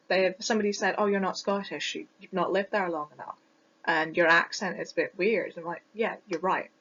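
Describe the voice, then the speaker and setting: A woman with a British received pronunciation accent, giving a reflective personal presentation with frequent ums and restarts. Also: fairly low pitch. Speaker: student presenter. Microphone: close mic that sometimes distorts. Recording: dull lo-fi home recording.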